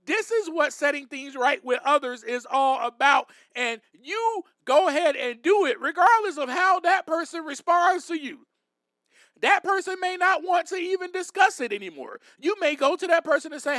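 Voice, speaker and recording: A man with a high, bright voice delivers a recovery advice monologue to his listeners. He talks in a direct, emphatic, preaching way. The sound is dry and close, with no room echo. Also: lively intonation, moderate pace. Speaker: podcast host.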